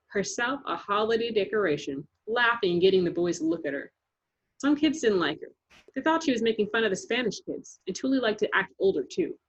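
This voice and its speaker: A woman narrating a children's chapter book aloud in a lively, rhythmic reading. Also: medium pitch, fairly quick, breathy edge. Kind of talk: storybook read-aloud. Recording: dull lo-fi recording.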